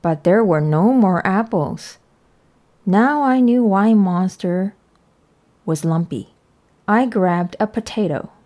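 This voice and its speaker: Woman reading a kids' book aloud, real slow, soft mellow tone. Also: mid-range voice. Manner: slow, careful storytelling. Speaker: read-aloud narrator.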